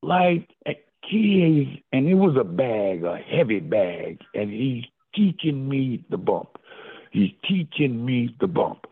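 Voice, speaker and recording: An older man, a former football player, telling stories in a casual interview with lively, animated delivery and repeated address of the host. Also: mid-range voice, takes it slowly, breathy edge. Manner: animated storyteller who keeps addressing the host by name. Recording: phone-like, lo-fi line.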